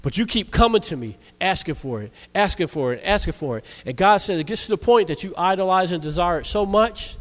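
A man, a church minister, preaching a sermon that tells a personal story in a lively way, voicing the quoted lines. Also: sits high, fairly quick, hardly any pauses. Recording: long reverb of a church hall.

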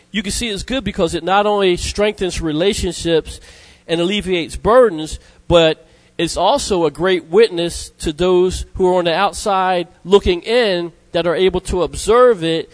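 A man preaching a sermon, emphatic, repeating key words and reading scripture slowly. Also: no echo, low-quality recording. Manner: emphatic, repeats words, rises in pitch for stress; reads scripture slowly in old-fashioned wording.

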